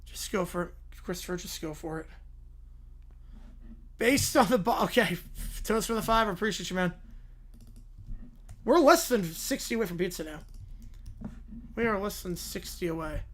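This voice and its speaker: A man hosting a livestream in a relaxed, chatty way, chuckling as he hurries through viewer requests. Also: sits high, moderate pace, long pauses. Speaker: livestream host. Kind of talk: casual livestream chat.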